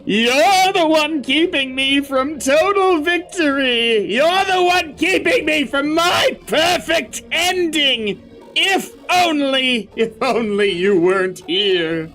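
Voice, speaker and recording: A man voicing a cruel male king villain in a video game, making slow, drawn-out shouted threats. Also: a little high, wildly swooping pitch, faint music behind, exaggerated voice. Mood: menacing.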